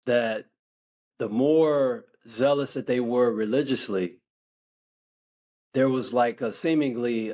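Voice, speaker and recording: A man being interviewed as an author, talking in a measured, reflective way with many "you know" asides. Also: mid-range voice, darkish tone, highs cut off. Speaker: guest author.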